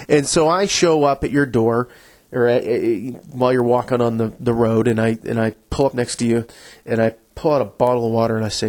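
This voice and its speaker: A man's voice: medium pitch, fairly even intonation, a little fast, a little mellow, rough recording. A man hosting a podcast, explaining things in a casual, conversational way with frequent restarts. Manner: conversational, full of restarts, acts out inner voices. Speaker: podcast host.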